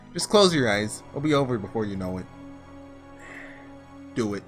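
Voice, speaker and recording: A man's voice: on the low side, voice pushed down. A man voicing a cold, threatening swordsman in a visual novel, giving curt commands. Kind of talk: reading a visual novel aloud.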